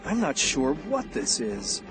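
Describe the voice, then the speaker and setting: A man's voice: medium pitch, huge pitch swings, measured pace. A reader voicing a worried grown man who stammers, in an audiobook, over background music. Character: shaken adult male scientist uncle. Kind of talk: audiobook character voice. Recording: music bed under voice.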